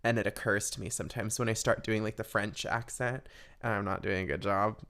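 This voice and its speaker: A man's voice: on the low side, steady tone, fairly quick, creaky, a bit bright. A young adult man hosting an advice podcast, musing in a rambling, casual way with many fillers. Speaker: podcast host giving advice.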